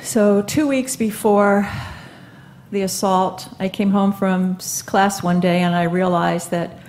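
A woman in her seventies speaking onstage at a live event, telling her own story in an earnest, halting way with many fillers and restarts. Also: mid-range voice, steady tone, darkish tone, slight background noise. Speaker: guest speaker. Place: live event stage before an audience.

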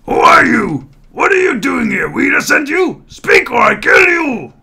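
A man's voice: very high voice, very animated, measured pace, vocal fry, sharp tone, shouting, pitched above the performer's own voice, heavily acted. A man voicing a threatening male orc guard in a video game, barking broken threats. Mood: menacing.

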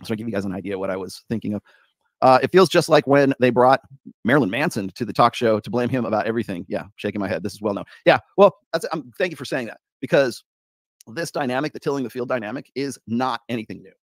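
A man speaks quickly in a casual show conversation, joking at his own expense and putting on voices when he quotes people. His pitch sits in the middle and the recording is dry. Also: expressive, dry recording. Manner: rapid, chatty, self-deprecating, does quoted voices. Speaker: podcast guest.

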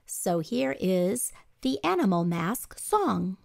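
A woman, a parent educator, gently teaching young children about music in a sing-song manner. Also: medium pitch, very animated, takes it slowly, creaky. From Missouri. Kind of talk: children's music lesson with singing.

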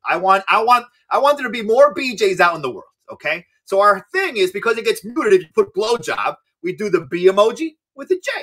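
Lively, bright-voiced joking man. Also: sits high, a little fast, few pauses. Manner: crude joking banter, laughs often; repeats words, talks in bursts. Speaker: livestream seller host. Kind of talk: casual livestream chat.

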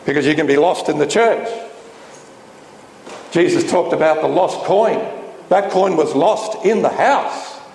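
A man preaches a sermon in an emphatic style, often asking rhetorical questions. His pitch swings up and down, and his voice sits a little on the high side. The recording is roomy, with a long hall reverb and faint background noise. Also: a little slow, long pauses, a little mellow.

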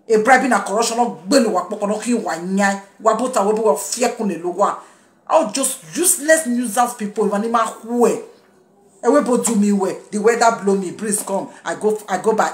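A woman's voice: mid-range voice, reverberant. A woman, angrily ranting at critics on social media, mixing pidgin English with a local language. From Nigeria. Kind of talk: angry rant to followers.

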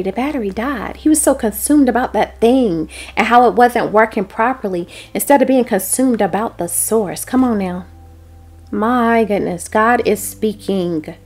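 A woman hosting a devotional prophetic message, speaking earnestly and dropping into soft, whispered prayer. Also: on the high side. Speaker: host and prophetic teacher.

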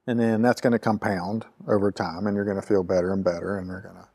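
Male host, casual and relaxed, rambling friendly questions. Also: deep voice, fast, slightly rough. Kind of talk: casual interview chat.

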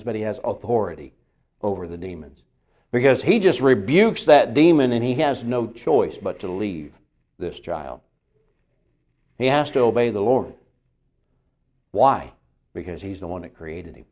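With a medium-pitched voice, this pastor teaches a sermon lesson in an earnest, emphatic way. He asks his audience rhetorical questions, moving from loud peaks to quiet lines.

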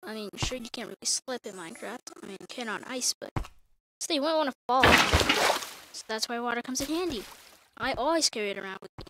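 A woman with a high voice chats loosely through her gameplay, correcting herself as she goes and talking straight to viewers. A steady noisy hiss and clicking sit under her voice on a home computer mic. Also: fast. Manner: rambling, self-correcting, talks to viewers. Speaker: gamer. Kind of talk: casual gameplay commentary.

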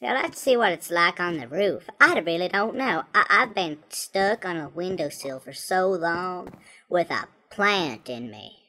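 A woman's voice: fairly low pitch, unhurried. A woman commenting on a block game as a small, rebellious talking flower pot, stammering and repeating her words. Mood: nervous chatter. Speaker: gameplay commentator. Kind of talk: in-character gameplay commentary. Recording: home mic with steady hiss.

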